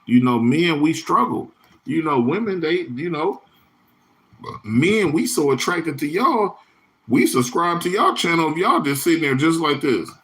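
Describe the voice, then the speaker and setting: A man's voice: fairly high pitch, animated, measured pace, a bit bright. A man hosting his own livestream in a loose, rambling, profane way, full of slang and answering viewers' chat comments by name. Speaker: livestream host.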